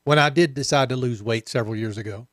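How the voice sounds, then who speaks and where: A man from the Southern United States co-hosting a radio talk show, relaxed and wry, reading listener comments between banter. His voice sits at an ordinary middle pitch. It is recorded close and dry in the studio. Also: fast talker, no room sound. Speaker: co-host. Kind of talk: casual chat.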